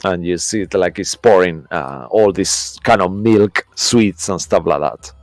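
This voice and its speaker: A man's voice: low-pitched, a little slow, no room sound. A man running a tabletop game as game master, narrating in a rambling way and searching for words.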